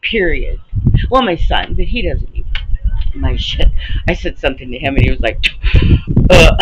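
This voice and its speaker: A woman in her late fifties venting to her camera in a casual, animated rant, swearing and laughing often. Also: low-pitched, moderate pace, pauses often. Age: 50s. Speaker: vlogger. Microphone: camera mic. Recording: slightly muffled with faint background hiss.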